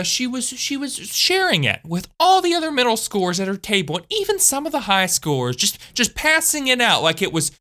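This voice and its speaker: A woman telling a story from school in a chatty, animated way, with frequent asides to her viewers. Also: mid-range voice. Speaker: channel host. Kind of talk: storytime vlog.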